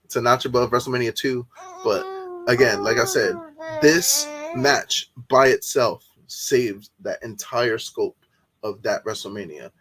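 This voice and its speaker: A man co-hosting a casual wrestling podcast, excitable, swearing freely and stumbling over repeated words when worked up. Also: medium pitch, unhurried, a crowd in the background. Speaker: podcast co-host.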